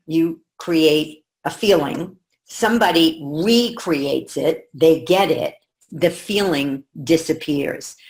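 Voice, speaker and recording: A middle-aged woman coach explaining calmly and in measured steps to camera. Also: deep voice. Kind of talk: teaching talk to camera.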